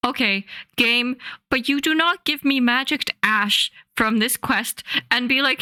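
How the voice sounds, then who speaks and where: Bright expressive woman streamer. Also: fairly high pitch, unhurried, dry recording, studio quality. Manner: expressive, reactive, swears. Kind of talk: live game commentary.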